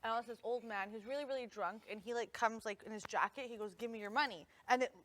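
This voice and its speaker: A woman's voice: a little high, quick pace. A woman chatting casually at a meal, telling a story and acting out the quotes. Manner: animated storyteller, acts out quotes. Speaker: reality show houseguest. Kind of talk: casual chat.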